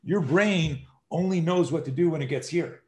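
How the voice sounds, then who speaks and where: A man in his sixties, a self-defense instructor, telling stories in an energetic conversational way, acting out scenes with sudden shouted exclamations and frequent swearing. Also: fairly high pitch, moderate pace. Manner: energetic, emphatic, rambling explanations. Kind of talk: animated conversational storytelling.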